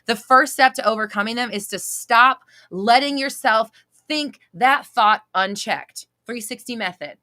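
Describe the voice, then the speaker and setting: Slightly high and a little slow, her voice pushed and bright, a woman coaching manifestation fields viewer questions during a live stream. She hammers her points home bluntly, repeating them, with casual cursing.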